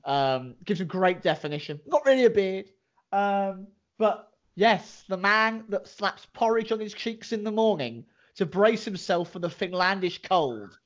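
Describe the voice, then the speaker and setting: A man's voice: high-pitched, animated, a little slow, highs cut off. A man co-hosting a podcast, chatting casually in a playful, rambling way. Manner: playful, rambling, self-deprecating. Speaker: podcast co-host. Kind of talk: casual chat.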